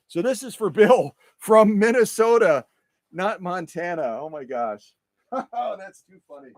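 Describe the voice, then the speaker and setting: A chatty man hosts a workshop livestream, casually talking while he restores sewing machines. His voice sits on the high side, captured dry with studio quality. He repeats phrases and makes fun of himself.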